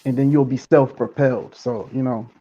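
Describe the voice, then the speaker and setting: A man talking on a discussion panel, thoughtful and halting as he works through his points. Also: medium pitch, fairly even intonation, highs cut off.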